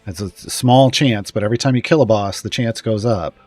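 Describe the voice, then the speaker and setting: A man chatting casually on a live stream, rambling and often trailing off with pauses and small chuckles. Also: on the low side, darkish tone, faint music behind.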